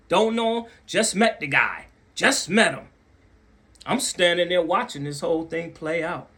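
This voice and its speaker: A man's voice: animated, a little slow, bright, forceful tone. A chatty man telling a story. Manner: conversational, repeats phrases for emphasis; acts out other people's voices with big pitch jumps. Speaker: channel host telling a story. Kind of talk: casual storytelling to camera.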